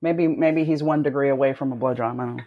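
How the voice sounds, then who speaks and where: A woman's voice: rumbling low, steady tone, fast talker, dull audio. A woman chatting casually on a podcast, talkative, swearing freely and laughing along. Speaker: podcast co-host. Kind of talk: casual chat. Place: Southern US, Florida.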